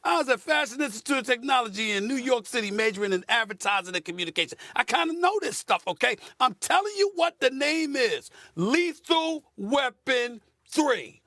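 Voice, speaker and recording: A man's voice: very high voice, expressive, fast, hardly any pauses, sharp tone, no echo, clean studio sound. A man hosting a sports debate show, boisterous and theatrical, repeating phrases for emphasis. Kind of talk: loud animated sports debate. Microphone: remote studio feed.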